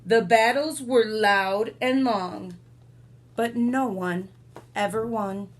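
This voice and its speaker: Storyteller: woman, high voice, slow and expressive bedtime read-aloud with asides. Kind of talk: reading a picture book aloud.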